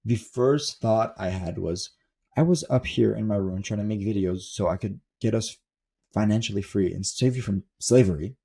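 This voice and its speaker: Gravelly, husky young man, profane and blunt. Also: lowish voice, moderate pace, warm tone. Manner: profane, emphatic, repeats for stress. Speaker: self-improvement coach. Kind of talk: blunt motivational monologue. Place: desk in his room at home.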